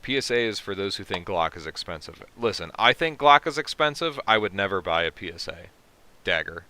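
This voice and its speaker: Deep-voiced, bright, profane streamer. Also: male voice, expressive, fairly quick. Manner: profane, joking, reacting to chat. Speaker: livestream host. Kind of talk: casual livestream chat reading comments.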